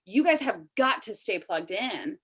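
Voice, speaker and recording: A woman in her thirties gives a motivational pep talk to her team over a video call. Her pitch and volume stay around her own normal level. She sounds emotional and urgent, pleading with her listeners. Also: sing-song, measured pace, fairly bright tone, slightly rough. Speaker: team leader hosting a sales team call.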